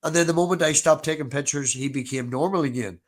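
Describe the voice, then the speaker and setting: An Irish man with a slightly high voice holds forth on a live-streamed panel. He swears freely and tells his stories with animated energy, often talking over the others. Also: quick pace. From Ireland. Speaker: panelist on a livestream. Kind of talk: casual chat and storytelling.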